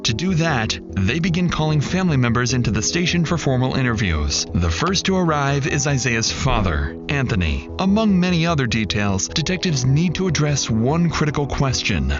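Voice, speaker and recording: A male narrator reads true-crime narration, measured and suspenseful, his pitch rising and falling expressively. The sound is dull and lo-fi, with music running underneath. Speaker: documentary narrator. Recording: dull lo-fi audio with music behind.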